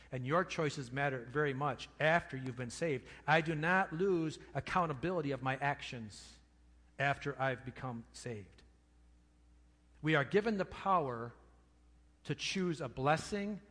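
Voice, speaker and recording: A pastor preaching a sermon, stressing key words with slow, emphatic repetition. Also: male voice, fairly high pitch, fairly bright tone. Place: church sanctuary. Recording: long reverb of a church hall.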